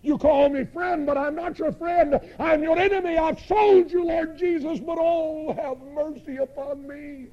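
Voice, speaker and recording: A preacher voicing an anguished disciple begging mercy. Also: male voice, very high voice, fairly even intonation, a little slow, hardly any pauses, muffled recording, pitched above the performer's own voice. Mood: pleading. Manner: pleading, anguished. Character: remorseful male disciple begging forgiveness.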